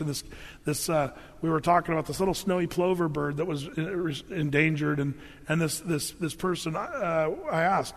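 A middle-aged man, a pastor, teaching a Bible passage verse by verse in a conversational, emphatic way, often restarting his words. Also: high voice. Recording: long hall reverb.

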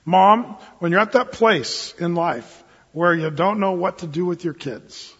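Pastor, male, high husky voice, folksy conversational preaching; muffled recording with long hall reverb. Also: a little slow. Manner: folksy, conversational, with acted asides. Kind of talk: sermon.

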